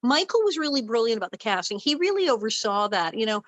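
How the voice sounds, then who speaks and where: Lively middle-aged woman telling stories. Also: a little high, fast talker, no room sound, rough recording. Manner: animated, acts out quoted voices. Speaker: guest actress. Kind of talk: casual interview storytelling.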